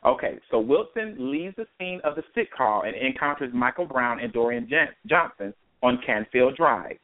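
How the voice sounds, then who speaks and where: A man's voice: medium pitch, animated, normal speed, no room sound. Man host reading on a dry phone line. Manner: hesitant, with frequent fillers and restarts. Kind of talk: reading a news account aloud and commenting.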